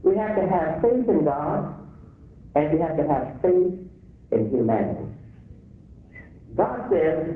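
A man's voice: high-pitched, wildly swooping pitch, a little slow, pauses often. A man with an African American accent preaching a sermon, repeating phrases with rising emphasis. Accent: African American English. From United States. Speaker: imam. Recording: echoey room over a phone-like line.

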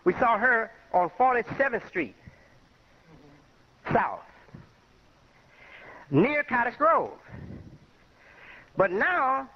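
High-voiced older imam on muffled radio. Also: male voice, sing-song, very slow, pauses often. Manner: rambling, conversational, with personal anecdotes. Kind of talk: informal spoken lecture.

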